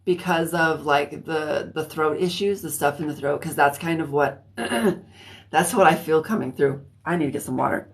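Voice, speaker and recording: A woman giving a psychic reading on a live stream, thinking aloud with many restarts and often clearing her throat. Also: sits low, animated, measured pace. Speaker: psychic reader. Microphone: phone or computer mic on a live stream.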